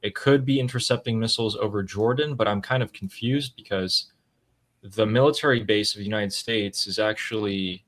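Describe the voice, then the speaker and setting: A man's voice: lowish voice, normal speed, fairly bright tone. A man hosting a live news analysis stream, explaining breaking events in a matter-of-fact way. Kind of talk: casual live news commentary.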